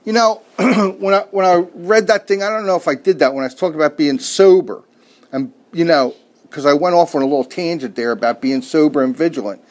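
A man's voice: a little high, fairly quick, a little mellow. A middle-aged man preaching a sermon, telling a family story with folksy jokes and asides.

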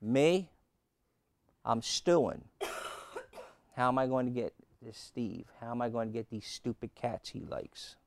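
A pastor preaching a sermon and telling a humorous story, with lots of rhetorical questions. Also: male voice, medium pitch, vocal fry, darkish tone, dry recording. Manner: humorous, repeats key lines.

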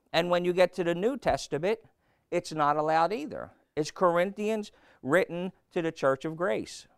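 A man preaching with a gravelly, fry-edged voice, pitched a bit high for a man. He presses his points with rhetorical questions and repeated phrases. The sound is dry and close, with no room echo. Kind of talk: sermon.

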